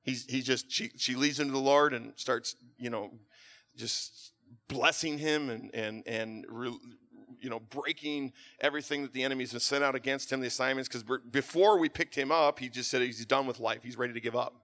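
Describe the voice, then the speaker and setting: A middle-aged man preaching a sermon, telling a story and then building to a fervent, near-shouted exhortation. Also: mid-range voice, steady tone, moderate pace.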